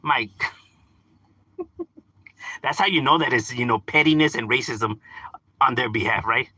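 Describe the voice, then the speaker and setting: A man chatting casually, mixing English and Spanish, animated and profane. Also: mid-range voice, unhurried, breathy edge. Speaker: livestream host. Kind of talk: casual chat.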